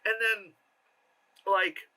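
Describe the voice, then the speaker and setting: A man's voice: sits high, flat delivery, very slow, sharp tone. A man giving a casual, rambling film review with sarcastic asides and lots of fillers. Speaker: movie reviewer.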